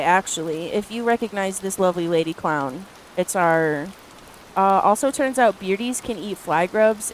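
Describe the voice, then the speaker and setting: A woman's voice: fairly low pitch, a little hiss or hum. A woman streamer chatting casually to her live viewers, rambling through stories with lots of filler words and casual swearing. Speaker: art streamer.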